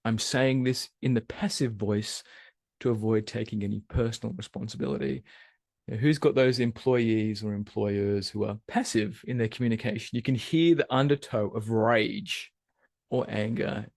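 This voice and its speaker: A man's voice: medium pitch, moderate pace, gravelly, dry recording, studio quality. A man giving a live webinar talk, asking the audience questions and posing them as he goes. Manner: animated, asks the audience questions. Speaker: webinar presenter.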